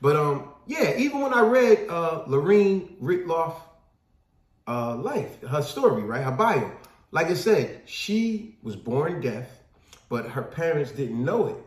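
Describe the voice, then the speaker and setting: Man, casual discussion, lively storyteller, acts out quotes, echoey room. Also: fairly high pitch, slow. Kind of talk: casual talk-show discussion.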